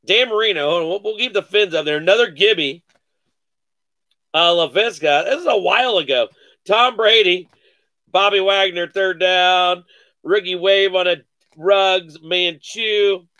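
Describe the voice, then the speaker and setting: A man hosting a live sports card break, calling out each card with excited slang and cursing. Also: sits high, dry recording. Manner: excited, calls out cards rapidly with slang and cursing.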